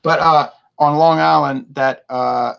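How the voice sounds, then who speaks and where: A man's voice: on the high side, fairly even intonation, takes it slowly, creaky, fairly bright tone, highs cut off. A man reviewing beer in a casual, chatty way, laughing often and reading out viewer comments to his live audience.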